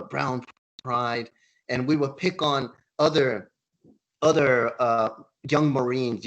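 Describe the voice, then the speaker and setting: A middle-aged man from the East Coast of the United States telling a personal story on a video call. He is animated and often lifts his voice when he quotes other people. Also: mid-range voice. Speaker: panel speaker.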